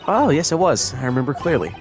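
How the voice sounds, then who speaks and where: A man reading game dialogue aloud as a composed, formal young woman assistant, measured and firm. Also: fairly high pitch, big pitch swings, faint music behind. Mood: agreeing.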